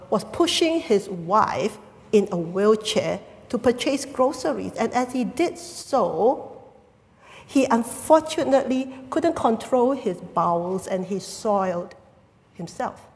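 A woman's voice: mid-range voice, expressive, slow pace, a little mellow. A woman from Singapore preaching a sermon, explaining the Greek words of the text and asking the congregation rhetorical questions. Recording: long reverb of a church hall.

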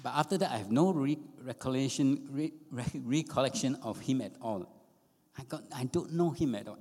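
A middle-aged pastor preaches earnestly, his medium-pitched voice darkish and breathy at a moderate pace. He repeats phrases for emphasis, and a long hall reverb fills the recording.

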